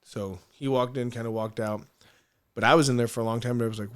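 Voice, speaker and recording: Man, podcast guest, casual storyteller, animated and profane, mid-pitched. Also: quick pace, smooth. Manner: animated, laughs often, swears freely, restarts sentences.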